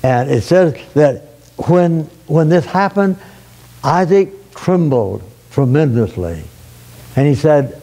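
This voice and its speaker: A man preaching a sermon, retelling a story in an unhurried, folksy way with frequent restarts and repeated words. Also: mid-range voice, animated, dark tone.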